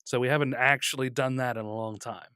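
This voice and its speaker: A man's voice: medium pitch, fairly even intonation, fairly quick, sharp tone, clear, resonant tone, no room sound, clean studio sound. A man co-hosting a podcast, trading teasing banter with his co-host and reading comic news aloud with small stumbles.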